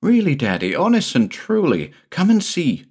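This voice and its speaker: An excited, breathless little boy who pleads in a high, rising voice, as a man reading aloud puts him on. His lines swing up and down eagerly, and he is audibly out of breath. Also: a little slow, full character voice. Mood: excited pleading.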